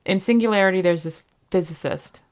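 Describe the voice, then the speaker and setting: A woman's voice: fairly low pitch, a little fast, a little mellow. A woman co-hosting a podcast in casual chat, bubbly and giggly with playful exclamations. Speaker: podcast co-host.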